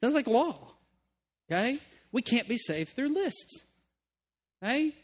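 A man with a high voice preaches to a congregation. He swings between punchy, emphatic stretches and quiet, earnest asides, and he keeps checking in with his listeners. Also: sing-song, slow. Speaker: pastor. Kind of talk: sermon.

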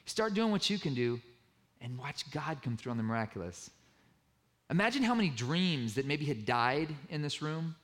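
A man's voice: animated, moderate pace, a bit bright. A middle-aged man preaching a sermon, telling stories and acting out the dialogue as he goes. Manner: storytelling, acts out dialogue with a raised pitch. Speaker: pastor.

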